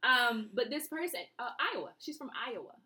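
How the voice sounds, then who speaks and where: A woman's voice: fairly high pitch, moderate pace. A woman, co-hosting a casual podcast chat and acting out quotes as she tells stories. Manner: animated storyteller, acts out quotes. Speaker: podcast co-host.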